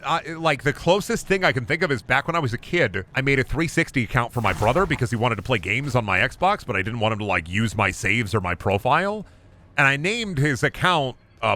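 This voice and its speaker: Young male streamer, goofy riffing commentary, bright and swooping delivery. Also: mid-range voice. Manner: goofy, animated, jumps into bits and voices. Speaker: gaming streamer. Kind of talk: casual live-stream commentary.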